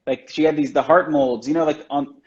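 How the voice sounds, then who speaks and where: A man's voice: on the high side, fairly even intonation, fairly quick, darkish tone. Chatty man on a muffled livestream. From United States. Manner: chatty, loose, heavy on "like" and "you know". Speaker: chocolatier guest. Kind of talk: casual storytelling chat. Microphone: video call from home. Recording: dull lo-fi livestream audio.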